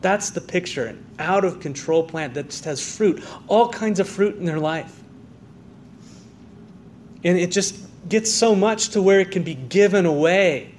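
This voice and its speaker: A man's voice: high-pitched, measured pace, a little mellow, slight background noise. A man preaching a sermon as pastor, with an American accent, earnest and full of rhetorical questions and restarts. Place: church sanctuary.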